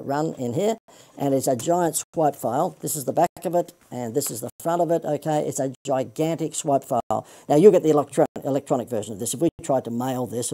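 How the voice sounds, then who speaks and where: Australian male marketing coach, salesy livestream patter, mellow low voice. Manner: chatty, self-deprecating, salesy.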